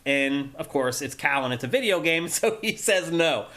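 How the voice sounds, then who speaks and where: A man's voice: fairly high pitch, animated, normal speed, hardly any pauses, bright, forceful tone. A man hosting a casual gaming podcast, eagerly walking through game features. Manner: enthusiastic, explanatory, runs through game features. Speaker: podcast host. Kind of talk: casual chat.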